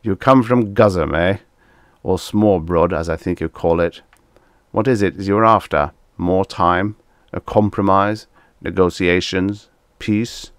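A man's voice: deep voice, slow pace, dry recording, clean studio sound. A man doing a bellowing, boastful alien warlord. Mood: blustering. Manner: hooting, blustering, bellowing. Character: boastful warlike alien male ruler.

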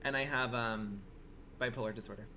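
A man's voice: mid-range voice, fairly even intonation, a little fast, pushed and bright, slight background noise. A man streaming a game live, talking to his viewers in a dramatic, exclamatory and profane way. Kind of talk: casual live gaming commentary.

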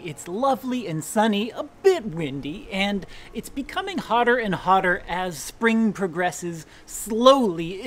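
A man's voice: sits high, fairly bright tone. A man hosting a gardening video, talking in a playful, rambling, enthusiastic way as he explains how plants use sunlight. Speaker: gardening show host. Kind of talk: casual educational talk to camera.

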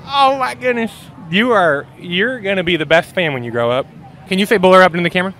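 High-voiced goofy man playing a reporter. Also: fast, a faint crowd, slight background noise. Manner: goofy, deadpan punchlines. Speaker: comedic mock sports reporter. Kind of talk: joking street interviews. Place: outdoors at a stadium tailgate.

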